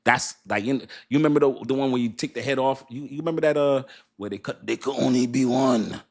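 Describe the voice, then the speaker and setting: A man's voice: medium pitch, fast. Man, middle-aged, crypto stream host, casual chat, rambling, laughs a lot, restarts sentences.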